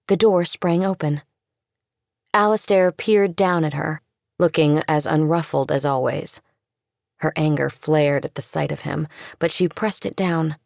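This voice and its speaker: Low gravelly female narrator. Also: darkish tone, no room sound, clean studio sound. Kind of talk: audiobook narration.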